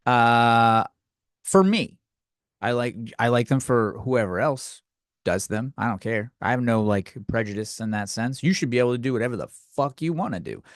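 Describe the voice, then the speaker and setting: An American man rants loosely and crudely at a middle pitch, mocking himself as he goes. His voice sits close and dry on the mic, with no room sound around it. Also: lively intonation, normal speed, no room sound. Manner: crude, rambling, self-mocking. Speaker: podcast host. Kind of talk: casual comedic rant.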